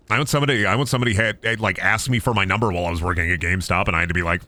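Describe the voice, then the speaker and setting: A man's voice: fairly low pitch, racing, hardly any pauses, dry recording. A young man streaming a game, who rambles through stories in casual chat and mimics what others said. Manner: rambling, animated storytelling with mimicked quotes. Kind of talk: casual chat while gaming.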